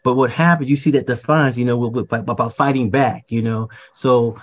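An older man explains poetry in an unhurried, reflective manner, looping back on words as he thinks. His voice sits in a middle register. The recording sounds slightly muffled and lo-fi. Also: medium pitch, fairly even intonation. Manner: reflective, repeats words, frequent fillers and restarts. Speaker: poet, podcast guest. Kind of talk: conversational explanation.

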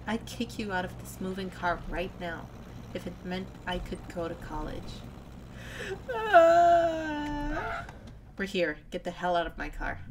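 A woman's voice: on the low side, fairly even intonation, normal speed, noisy background, lightly acted. A woman voicing a bitter young female crocodile who answers coldly and scornfully, read from a story game. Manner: cold, scornful, biting.

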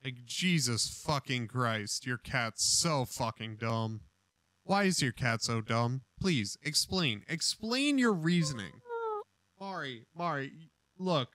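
A man's voice: big pitch swings, slow, a bit bright, no echo. A man on a call, streaming a crude comedic rant, hurling profane insults with sudden shrieks. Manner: insulting, profane, wildly swinging pitch. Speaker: streamer debating a cat.

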